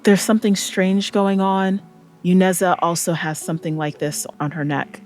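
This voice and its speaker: A woman's voice: on the low side, flat delivery, normal speed, darkish tone, soft background music. Earnest woman player at a tabletop game. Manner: earnest, speaks for her character. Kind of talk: tabletop role-play, in character.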